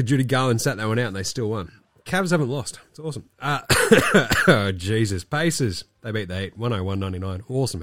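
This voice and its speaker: A man's voice: mid-range voice, a bit bright, no room sound, clean studio sound. A man hosting a casual sports podcast, ranting and swearing a lot while sick and coughing. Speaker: podcast host.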